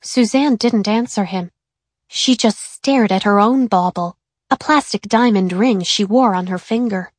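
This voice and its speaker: Woman reading a kids book out loud, mid voice, dry close sound. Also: medium pitch, unhurried, no echo. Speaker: narrator. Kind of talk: scripted children's book narration.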